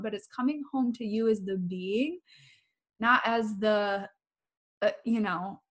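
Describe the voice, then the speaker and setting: A woman with a somewhat high voice talks in a casual spiritual conversation. She speaks candidly and with emphasis, circling back on the same phrases to drive her point home. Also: fairly bright tone.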